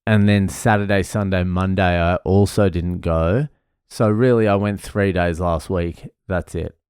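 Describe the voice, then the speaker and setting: A man's voice: deep voice, fairly even intonation, measured pace, a little mellow, smooth, no echo, studio quality. An Australian man, a comedian hosting his own podcast, telling stories in a loose, swearing, casual way. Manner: loose, swearing, laughing storyteller. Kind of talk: casual storytelling monologue.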